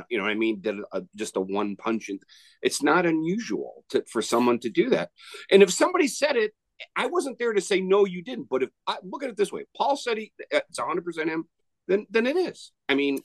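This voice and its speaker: A man's voice: mid-range voice, no room sound. A man co-hosting a podcast, telling a rambling story in casual chat with frequent restarts. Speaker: podcast co-host.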